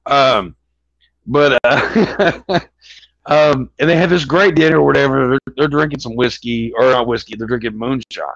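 A man's voice: mid-range voice, moderate pace, gravelly, fairly bright tone, no echo. Rambling, swearing man on a dull dry mic. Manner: rambling, swears a lot, many restarts. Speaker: podcast co-host. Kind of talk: casual chat about movies. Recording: dull lo-fi sound.

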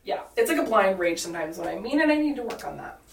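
A woman's voice: medium pitch, very animated, fast talker, creaky, recorded from a distance, slight background noise. A woman in her thirties with a Californian Valley girl accent, chatting casually as a podcast co-host and laughing a lot. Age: 30s. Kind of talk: casual chat. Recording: roomy sound from off-mic.

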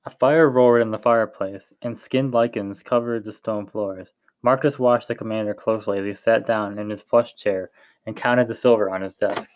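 A man's voice: on the low side, fairly even intonation, moderate pace, dry recording, lo-fi sound. Man reading a story aloud, dry sound. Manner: plain reading with frequent slips and restarts. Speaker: narrator.

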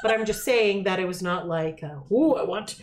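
A woman's voice: medium pitch, moderate pace, reverberant, very noisy. A woman in her thirties co-hosting a podcast, chatting casually and rambling through stories while laughing. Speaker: podcast co-host. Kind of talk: casual chat.

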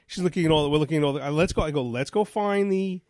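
A man tells a long, rambling story on a talk show, acting out every line of dialogue. His voice sits a little high for a man. The sound is dry and close. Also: racing, no room sound. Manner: rambling, animated, many restarts. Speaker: radio show host. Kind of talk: casual storytelling chat.

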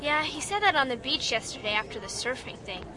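A woman's voice: high-pitched, animated, fairly quick, sharp tone. An actress playing a frank, spirited young woman tourist in a radio drama.

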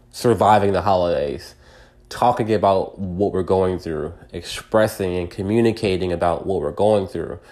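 A man with a fairly low voice tells a personal story as a podcast host. He rambles and restarts often, leaning on fillers. He slips into acted-out lines of dialogue as he goes. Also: a little mellow.

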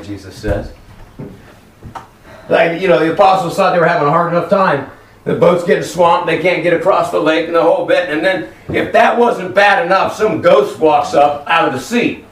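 A man preaching a lively sermon in a church hall, acting out voices as he tells stories. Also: sits high, moderate pace. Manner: animated, acts out voices in stories. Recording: echoey hall, from far off, faint noise.

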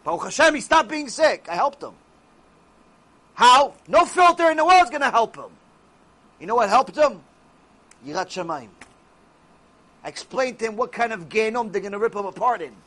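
Man, very high pitch, religious teacher, Torah lecture, emphatic, rhetorical questions. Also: big pitch swings, moderate pace, long pauses, pushed and bright. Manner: emphatic, answers his own rhetorical questions.

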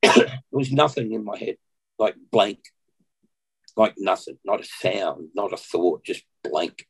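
An Australian man, a podcast guest, earnestly recounting a personal testimony at an unhurried pace and often clearing his throat. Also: fairly low pitch, animated, a bit bright, poor audio.

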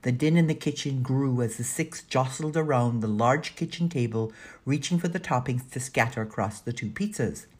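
A woman narrating a children's audiobook in a lively, expressive storytelling manner, with a breathy voice. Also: very deep voice, normal speed.

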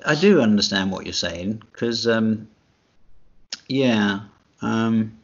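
A man's voice: on the low side, expressive, takes it slowly, slightly rough. A man co-hosting a casual podcast chat, hesitant and full of fillers, with a dry, self-mocking humor. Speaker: podcast co-host. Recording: dull lo-fi sound.

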